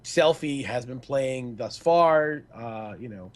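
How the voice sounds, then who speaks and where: A man's voice: mid-range voice, takes it slowly. Joking, crude-talking podcast co-host man. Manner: loose, joking, crude banter. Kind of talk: casual esports podcast chat.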